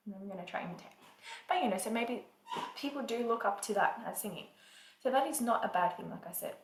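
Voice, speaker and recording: A woman teaching singing in a casual, chatty way, often saying "like" and "um" as she explains. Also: medium pitch. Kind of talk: casual vocal lesson. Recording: echoey room.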